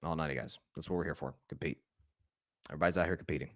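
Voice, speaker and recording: A man doing an impression of a terse older male football coach, speaking in a low, flat mumble. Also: very fast.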